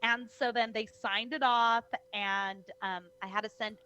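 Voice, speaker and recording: A young woman, a wrestler, telling her story in an animated interview, acting out the people in it, heard over a video call. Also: on the high side, unhurried, smooth, dull audio. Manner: lively, acts out voices in her stories, many "like"s. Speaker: guest, professional wrestler.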